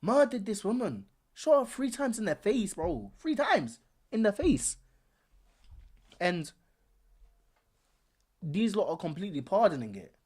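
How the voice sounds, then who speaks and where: A man's voice: high voice, very animated, measured pace, long pauses, a little mellow, slightly rough. A man hosting a live stream, talking casually and animatedly, repeating himself with plenty of slang. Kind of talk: casual commentary.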